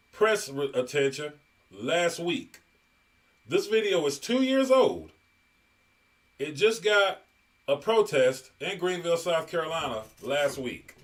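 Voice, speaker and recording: A male host giving online commentary, talking casually and reading viewer comments aloud. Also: high-pitched.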